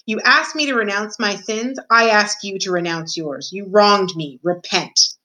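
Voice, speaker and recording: A woman's voice: medium pitch, unhurried, bright, forceful tone, rough recording. A woman voicing a small young male mouse hero, speaking firmly and plainly. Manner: firm, plain reproach.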